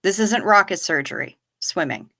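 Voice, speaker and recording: A woman's voice: on the low side, lively intonation, normal speed, sharp tone. A woman hosting a livestream, answering chat questions in casual, profane, sarcastic talk.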